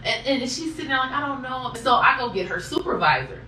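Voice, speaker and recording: A woman poll challenger telling a story in an animated way and acting out what others said, recorded in an echoey room from a distance. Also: high voice, brisk, slight background noise. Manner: exasperated, acts out quoted voices.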